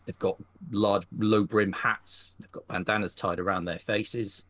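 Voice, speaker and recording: A man narrating a western tabletop game as game master, rambling through his scenes with many fillers. His voice sits on the low side. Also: steady tone, measured pace, a bit bright, a little hiss or hum.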